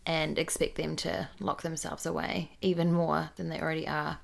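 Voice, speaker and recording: A young New Zealand woman co-hosts a laid-back chat podcast, her voice low-pitched and creaky at a normal speed. Relaxed and chatty, she reads listener questions out loud.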